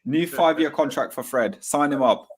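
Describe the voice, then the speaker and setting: A man's voice: a little high, normal speed, husky. A man hosting a live football fan stream in a casual, effusive way, repeating his thanks and praise.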